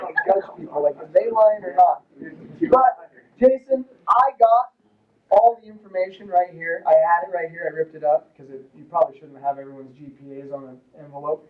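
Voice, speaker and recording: High-voiced coach, casual banquet speech. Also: male voice, fast, phone-quality sound. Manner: casual, rambling, joking with the audience. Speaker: wrestling coach. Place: lodge hall banquet.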